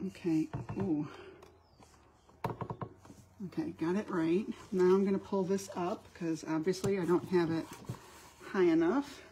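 A woman's voice: on the low side, steady tone, measured pace, long pauses, warm tone, a little hiss or hum. Chatty woman hosting a craft stream. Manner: chatty, laughs often, greets viewers by name. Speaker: art teacher hosting a live stream. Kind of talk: casual live craft demo. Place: home art studio.

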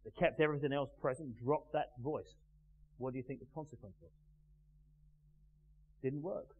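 A man teaching a live class in a measured, emphatic way, pausing and putting questions to the group. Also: mid-range voice. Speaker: NLP trainer. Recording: tinny phone-like sound with faint hum.

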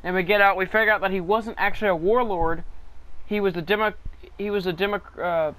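A man's voice: high-pitched, steady tone, brisk, fairly bright tone, clean tone. A man talking casually over gameplay, rambling with many restarts as a gaming channel host.

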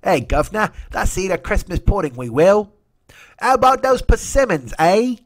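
A man's voice: high-pitched, sing-song, normal speed, voice pushed up. A man voicing an old Englishman with aching teeth who wants pudding, in a drawling, mock-hearty way.

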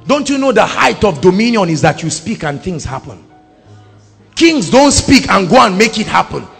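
A man with a Nigerian accent preaching a sermon, moving between quiet talk and loud shouted declarations. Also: very animated, normal speed, vocal fry, breathy edge, big-room sound, soft background music. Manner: booming, swings from quiet to shouting.

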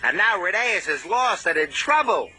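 A man voicing an excitable young steam engine with high, urgent cries, with loud music behind. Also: moderate pace, a little hiss or hum, exaggerated voice. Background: loud background music.

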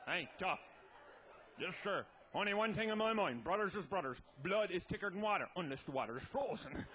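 A man telling a tall tale as a comedy monologue, loud and laughing, often breaking into shouts. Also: high-pitched, expressive, quick pace, a little hiss or hum. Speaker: comic storyteller.

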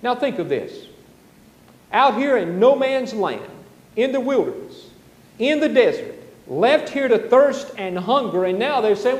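A man preaching a sermon as pastor, animated, acting out the grumbling crowds. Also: extremely high pitch, unhurried, roomy sound, in a large hall, rough recording. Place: church sanctuary.

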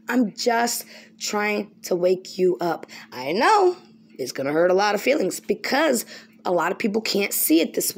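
A woman vlogger giving an emphatic, preachy monologue, often pausing to ask "okay?". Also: medium pitch, slightly rough. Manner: emphatic, repetitive, keeps asking okay. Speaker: spiritual vlogger.

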